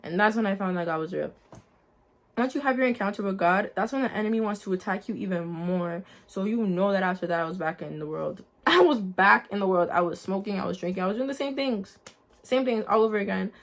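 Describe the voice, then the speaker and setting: Her pitch is medium and her delivery quick as this young adult woman relates her faith testimony to the camera. The tone is earnest and chatty, a lively story aimed at viewers she addresses as "guys."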